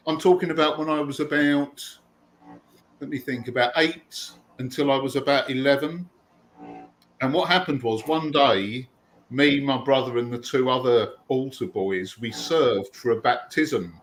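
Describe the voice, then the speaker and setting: A man's voice: mid-range voice, a little slow, a little hiss or hum, poor audio. Chatty man telling stories. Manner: chatty anecdotal storyteller. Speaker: host. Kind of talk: casual storytelling chat.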